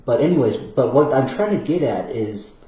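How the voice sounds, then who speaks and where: Man, mellow tone, loose rambling monologue with many fillers and restarts, roomy dull recording. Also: medium pitch, expressive, normal speed. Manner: rambling and hesitant, full of fillers and self-corrections; apologetic asides. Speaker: vlogger.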